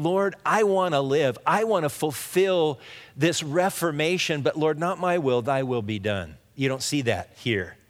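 A man preaching a sermon in a church sanctuary, his voice a touch higher than most men's. He teaches in a loose, conversational way, often restarting his sentences. A long reverb trails each phrase as it rings through the hall. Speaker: pastor.

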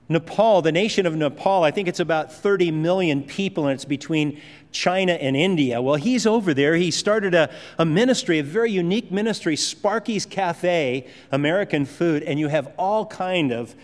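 A pastor preaching a sermon in a conversational, emphatic way, with asides to the congregation. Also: male voice, fairly high pitch. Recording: long hall reverb.

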